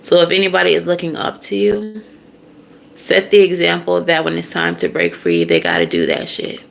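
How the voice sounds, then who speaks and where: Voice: mid-range voice, animated, moderate pace, gravelly, a little hiss or hum. A tarot reader giving a casual, blunt, profane reading straight to the listener.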